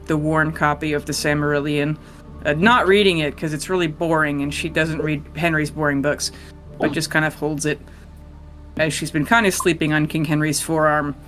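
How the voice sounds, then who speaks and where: A game master narrating a tabletop role-playing scene in a relaxed, rambling storytelling way. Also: mid-range voice. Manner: casual storytelling with fillers and laughs.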